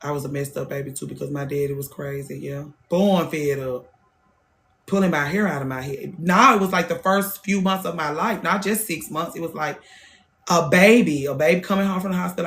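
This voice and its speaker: A woman's voice: low-pitched, fairly even intonation, a little fast, fairly bright tone, slight background noise. Blunt, cussing woman hairstylist talking shop. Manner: blunt, profane, repeats phrases for emphasis. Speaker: hairstylist and podcast host. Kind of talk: casual monologue.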